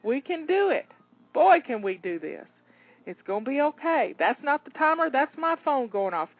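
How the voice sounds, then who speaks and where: A woman's voice: high-pitched, big pitch swings, moderate pace, no room sound. A woman coaching listeners through a timed cleaning session, rallying and encouraging them, a bit out of breath. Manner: encouraging, rallying, repeats herself. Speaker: home organizing coach. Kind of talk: live cleaning coaching talk. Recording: tinny phone-like dry audio.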